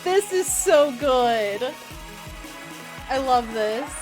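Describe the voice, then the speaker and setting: A young woman streaming a video game, reacting with excited, laughing exclamations. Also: high voice, very slow. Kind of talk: live gameplay commentary. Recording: faint game music behind.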